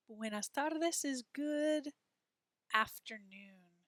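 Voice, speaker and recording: A woman teaching a Spanish lesson, explaining words and leading repeat-after-me drills with slow, careful pronunciation. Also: fairly high pitch, animated, fairly bright tone, dry recording, clean studio sound.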